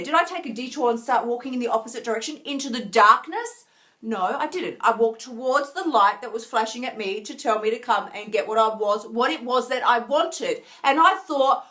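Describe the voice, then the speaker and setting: A woman's voice: on the high side, normal speed. A woman hosting a casual live stream about mindset and food, talking with many restarts and acting out the voices in her head. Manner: animated, acts out inner voices, many restarts.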